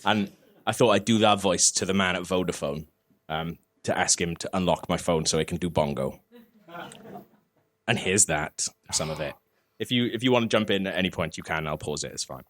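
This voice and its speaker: A man's voice: sits low, normal speed, a bit bright. A man from Wales hosting a live comedy podcast on stage, telling a story in a sweary, laughing, self-mocking way. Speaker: podcast host. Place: live stage in front of an audience.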